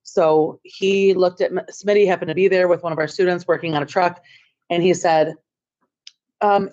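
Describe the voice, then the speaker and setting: A woman school administrator telling the school board a story in a chatty, excitable way, filling her talk with "like". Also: lowish voice, normal speed. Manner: chatty and excitable, heavy use of "like". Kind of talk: storytelling report at a board meeting. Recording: dull, muffled meeting audio.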